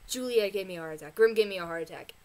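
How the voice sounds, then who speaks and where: A woman vlogger ranting casually about a TV episode, excitable and rambling, gasping and exclaiming as she talks. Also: medium pitch, brisk. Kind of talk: casual rant review.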